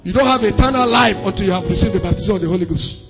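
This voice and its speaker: A middle-aged man preaching a sermon and answering questions, swinging between shouting and softly singing scripture. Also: high voice, very fast, creaky, music in the background.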